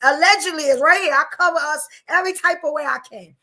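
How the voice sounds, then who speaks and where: Woman hosting a podcast. Very high, bright voice, insistent and pleading. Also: fast. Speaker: podcast host. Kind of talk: heated panel debate.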